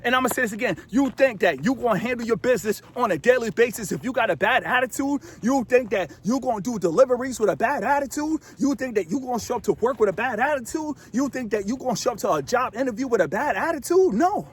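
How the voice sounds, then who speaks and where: A man delivers a preachy motivational talk straight into his phone while standing outdoors in the desert, hammering points home with rhetorical questions and repetition. His voice sits high for a man. Faint outdoor noise runs underneath. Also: lively intonation, fast talker, few pauses. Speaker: motivational vlogger. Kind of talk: casual motivational monologue. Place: outdoors in a remote desert area.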